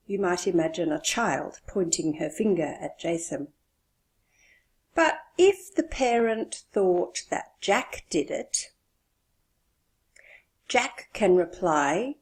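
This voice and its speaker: A woman teaching an English lesson, explaining slowly and stressing key words. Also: on the low side, big pitch swings, a little mellow.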